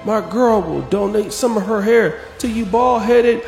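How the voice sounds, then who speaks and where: Brash, boastful braggart voiced by a man, high and sneering. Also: unhurried, vocal fry, darkish tone, reverberant, big-room sound, faint music behind, heavily acted.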